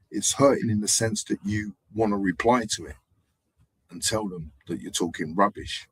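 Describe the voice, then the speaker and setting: A man hosting a live stream, telling rambling, animated anecdotes in casual street slang. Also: on the low side, normal speed, slightly rough, no echo. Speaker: livestream host. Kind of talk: casual livestream storytelling.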